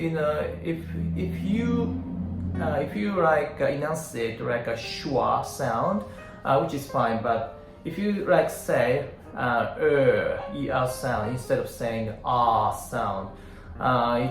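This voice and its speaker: Slow-speaking Japanese-accented man teaching English. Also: mid-range voice, gravelly. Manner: hesitant, frequent fillers; demonstrates sounds aloud. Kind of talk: casual instructional talk. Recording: roomy echo with faint guitar.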